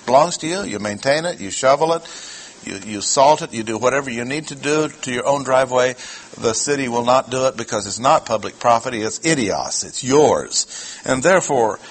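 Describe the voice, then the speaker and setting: A man preaching a Bible teaching sermon, speaking deliberately and emphatically, slowing down to stress key words and putting questions to his listeners. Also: medium pitch, lively intonation, slightly rough, rough recording. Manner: asks the audience questions.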